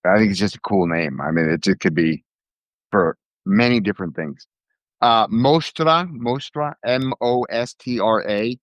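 A man's voice: lowish voice, measured pace, no room sound, lo-fi sound. A man in casual chat with friends, telling stories with energy and laughing at his own jokes.

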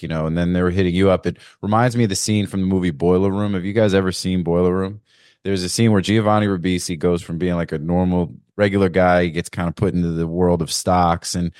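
Deep-voiced man, rambling casual talk. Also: dry recording, clean studio sound. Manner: rambling, many "you know" fillers, animated retelling. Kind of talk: casual panel discussion.

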